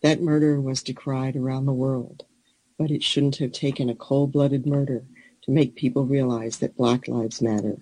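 A man hosting an event, introducing a performer and thanking him in earnest, measured remarks. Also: medium pitch, level tone, mellow, dry recording, rough recording. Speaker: event host.

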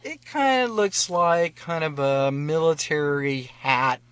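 A man's voice: on the high side, takes it slowly, fairly bright tone, clean tone. A man telling a travel story as a guest on a live radio show, acting out the officials he met and chuckling often. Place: radio studio.

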